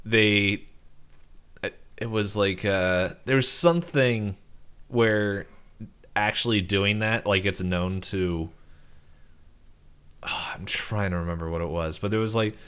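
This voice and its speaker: A man's voice: lowish voice, slow, long pauses, a bit bright, clean tone. A man co-hosting a podcast, chatting casually in a rambling way, with plenty of "like"s and restarts as he tries to recall things. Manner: rambling, full of fillers and restarts. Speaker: podcast co-host. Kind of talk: casual movie-reaction chat.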